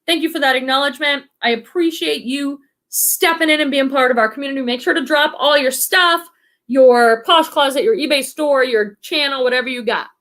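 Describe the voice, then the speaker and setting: A Boston-area woman with a slight Boston accent hosts a casual livestream, chatting upbeat with viewers and reading their comments aloud. Her voice is high, fairly bright, and fairly quick.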